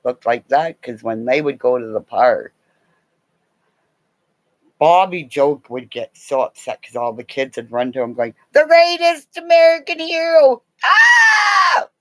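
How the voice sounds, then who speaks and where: A woman's voice: very deep voice, measured pace, long pauses, a little mellow, dry recording. A middle-aged woman telling a meandering personal story in a casual way, laughing often and swearing freely.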